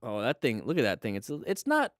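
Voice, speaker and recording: A man hosting a live stream, reviewing motorcycle crash videos and coaching viewers with lively exclamations. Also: medium pitch, fairly quick, no echo, studio quality, faint music behind.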